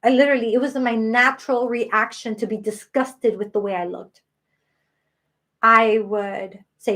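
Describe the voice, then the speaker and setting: A woman's voice: a little high, steady tone, a little slow, fairly bright tone. A woman in her late thirties hosting a live stream, talking earnestly and emotionally about self-worth. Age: 30s. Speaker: spiritual channel host.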